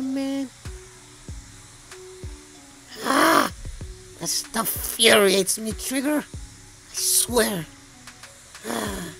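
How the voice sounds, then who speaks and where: Man playing an angry male viewer, scolding, swearing, bright, lively pitch. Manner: scolding, swearing, mock outrage. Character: irate adult male viewer heckling a painter.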